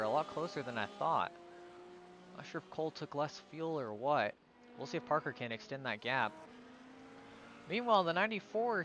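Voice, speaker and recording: A man's voice: mid-range voice, a bit bright, a little hiss or hum. A man giving live commentary on an online sim race, calling out positions and sometimes stumbling over drivers' names.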